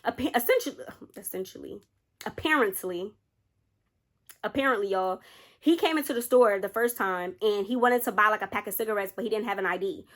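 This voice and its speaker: Young woman vlogger, bright tone, lively casual storytelling straight to camera. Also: mid-range voice, brisk. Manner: animated, addresses viewers as y'all, quotes others. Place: indoors under a studio light.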